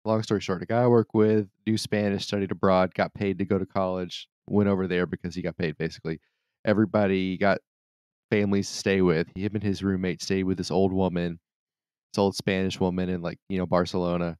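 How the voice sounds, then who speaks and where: Low-voiced laid-back male co-host. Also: a little fast, smooth, dry recording, clean studio sound. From United States. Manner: relaxed, rambling anecdotes, crude jokes, frequent restarts and laughs. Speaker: podcast co-host. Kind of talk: casual podcast banter.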